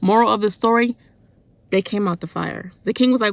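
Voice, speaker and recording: A woman giving a fervent, colloquial devotional talk for her faith vlog. She speaks loudly and in a worked-up way, and keeps asking rhetorical questions. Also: mid-range voice, a little fast, creaky, no room sound. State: loud and worked up. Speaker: faith vlogger.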